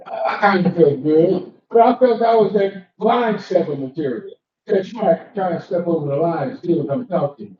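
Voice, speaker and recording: High-voiced male comic in a roomy lounge. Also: normal speed. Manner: storytelling, acting out quoted characters with sudden pitch jumps. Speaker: stand-up comedian. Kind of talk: live stand-up set with crowd work. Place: cigar lounge comedy stage. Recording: distant, roomy, dull live-stream audio.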